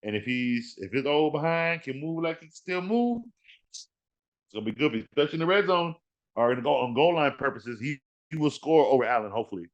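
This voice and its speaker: A man hosting a fantasy football podcast in casual talk, animated and trash-talking, repeating words for emphasis. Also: mid-range voice, brisk, muffled recording.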